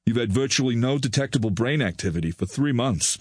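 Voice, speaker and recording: A man doing a kindly, soft-spoken older doctor. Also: mid-range voice, lively intonation, fairly quick, no room sound, clean studio sound, voice pushed up, close to an everyday voice. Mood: grave, measured.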